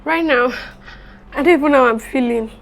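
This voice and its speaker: A woman's voice: high-pitched, brisk, creaky. A young woman, chatting expressively and dramatically to camera as a beauty vlogger. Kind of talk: casual vlog talk to camera.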